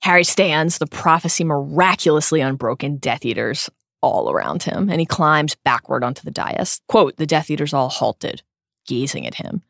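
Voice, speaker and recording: A woman's voice: sits low, sing-song, normal speed, gravelly, fairly bright tone, no echo, studio quality. A woman co-hosting a podcast, recapping a novel with earnest, openly emotional commentary. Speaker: podcast co-host. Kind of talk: recapping a book chapter by chapter.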